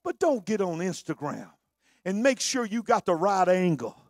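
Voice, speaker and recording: A man preaching a sermon, swinging from low conversational talk to shouted, sung preaching. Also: big pitch swings, moderate pace, dry recording, clean studio sound.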